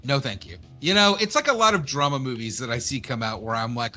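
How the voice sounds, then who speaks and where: A man's voice: mid-range voice, lively intonation, sharp tone, soft background music. A man from the American South, co-hosting a casual gameplay chat, joking and swearing freely. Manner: joking, profane, quick to laugh. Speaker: co-host.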